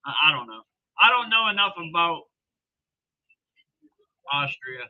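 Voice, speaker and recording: A man's voice: fairly high pitch, very animated, unhurried, long pauses, muffled recording. A man casually commenting on a live wrestling show for his stream, chatty and joking, laughing often.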